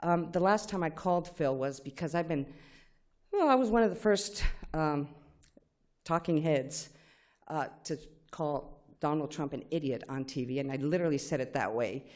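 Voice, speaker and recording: A middle-aged woman whose first language is Spanish, giving a lively personal tribute speech with acted-out quotes. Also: sits low, normal speed. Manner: animated storytelling with acted-out quotes. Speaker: speaker at a tribute event.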